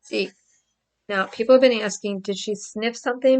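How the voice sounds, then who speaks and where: Vlogger, woman, mid-pitched voice, casual and emphatic, repeats lines for stress. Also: steady tone, normal speed, darkish tone. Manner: emphatic, repeats herself, acts out crying. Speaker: vlogger commenting on a trial. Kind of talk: casual commentary to camera.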